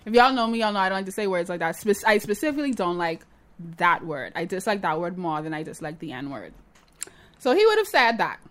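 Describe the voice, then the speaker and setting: A woman hosting a casual chat, commenting with animated indignation and mocking quotes. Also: lowish voice, fast. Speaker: podcast host.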